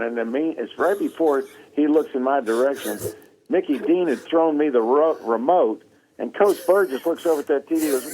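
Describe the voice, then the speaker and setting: A man telling a funny story in a casual chat, animated and laughing often, acting out the quotes. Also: fairly high pitch, moderate pace, rough recording. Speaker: guest.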